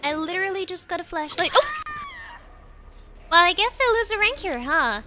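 A woman's voice: very high voice, big pitch swings, normal speed, noisy background. A woman streaming a game, commenting dramatically and ranting at opponents, slipping Japanese words in and talking about herself in the third person. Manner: dramatic, frustrated rants at the game. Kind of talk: live gameplay commentary.

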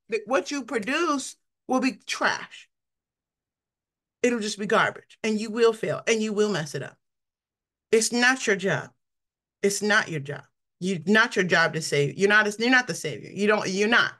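Woman preacher, middle-aged, bright tone, higher voice, chatty sermon, mimics quoted people. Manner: conversational, laughs often, mimics people she quotes. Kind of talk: informal sermon.

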